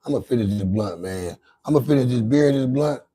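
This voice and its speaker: A man's voice: mid-range voice, expressive, a little fast, mellow, husky, low-quality recording. Rambling, profane man hosting a livestream. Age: adult with grown children. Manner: rambling, profane, repeats and restarts a lot. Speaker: livestream host. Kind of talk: casual late-night livestream chat.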